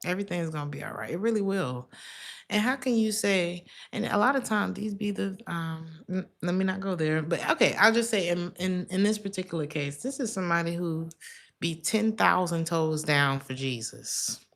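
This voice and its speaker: A woman's voice: lowish voice, moderate pace, vocal fry, fairly bright tone. Blunt, chatty woman reading tarot. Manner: blunt and chatty, laughing often, calls listeners baby and honey. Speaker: tarot reader. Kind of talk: casual tarot reading to camera.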